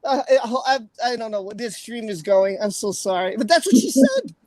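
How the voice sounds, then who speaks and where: A young woman hosting a live stream, with a high, bright-pitched voice. She giggles constantly and breaks into loud exclamations. Casual and chatty throughout. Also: big pitch swings, moderate pace, dry recording, poor audio. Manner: giggly, laughs often, exclaims a lot. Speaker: livestream host.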